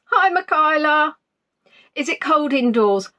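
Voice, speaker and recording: Chatty, jolly higher-voiced Englishwoman. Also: expressive, slow pace, sharp tone. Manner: chatty and jolly, greeting viewers by name, many ums. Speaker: online tour guide. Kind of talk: casual pre-tour chat on a live stream. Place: spare room at home.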